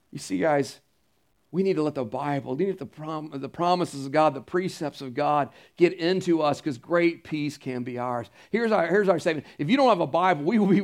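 A high-pitched man preaches a sermon as pastor. He is earnest and emphatic, leans on repetition, and breaks into friendly asides to the congregation.

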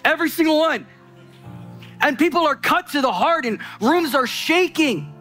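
Male preacher, high voice, impassioned, quick bursts, faint music behind. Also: expressive. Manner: impassioned, swings between loud urgency and low intensity. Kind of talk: sermon.

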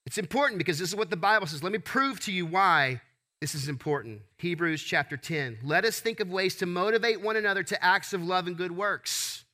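Bright, forceful male preacher. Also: fairly high pitch. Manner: preachy call-and-response, rhetorical questions. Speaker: pastor. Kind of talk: sermon.

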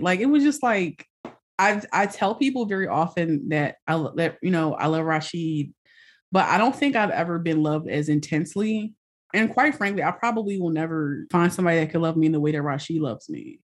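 A man's voice: fairly high pitch, expressive, brisk. A man co-hosting a podcast in casual chat, emphatic, swearing and using "like" a lot. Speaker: podcast co-host.

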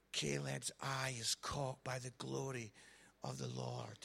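Gravelly man preaching with fervor. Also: mid-range voice, a little slow. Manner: swings from hushed reflection to shouting excitement. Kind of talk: sermon with comic storytelling.

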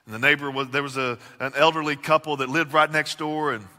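A man's voice: fairly high pitch, steady tone, fairly quick, pushed and bright, in a large hall. A man preaching a sermon as pastor, earnest, swelling and dropping his volume.

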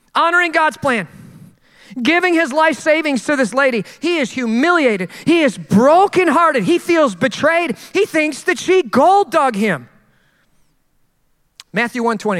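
A male pastor preaching a sermon in an animated, conversational way, with jokes along the way. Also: very high voice. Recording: long hall reverb.

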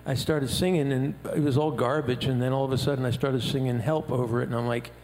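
Guy telling music stories, lively, does the voices, long hall echo and faint hiss. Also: mid-range voice, fast talker. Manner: animated storyteller who acts out quoted voices. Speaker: musician guest. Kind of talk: casual chat.

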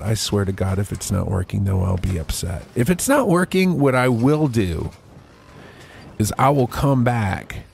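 A man in his forties hosts a podcast, rambling casually with profanity and self-mockery into a mic held close in front of his face. His voice is medium-pitched and gravelly, with slight background noise.

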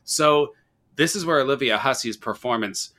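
A man's voice: medium pitch, moderate pace. A man hosting a casual podcast, talking through a horror film and acting out its lines. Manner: animated storyteller, acts out quotes. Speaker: podcast host. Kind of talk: casual horror movie discussion.

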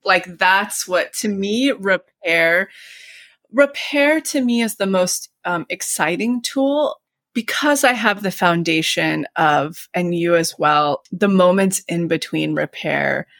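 A woman's voice: on the low side, slow pace, creaky, a bit bright, dry recording. A woman in her thirties hosting a podcast, talking earnestly and heartfelt with many fillers in casual conversation. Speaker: podcast host.

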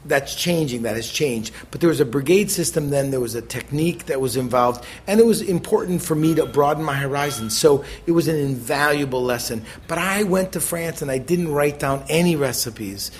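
A middle-aged American man, a chef as interview guest, telling animated stories and acting out the people he quotes. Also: a little high, a little hiss or hum. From United States. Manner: animated, acts out quoted voices, quick bursts. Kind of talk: conversational storytelling.

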